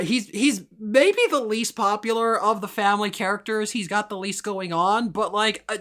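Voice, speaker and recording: A woman's voice: mid-range voice, a bit bright. An enthusiastic woman co-hosts a casual podcast chat. She trips over her opening words and laughs easily as she talks. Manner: enthusiastic, laughs often, repeats words when starting. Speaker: podcast co-host.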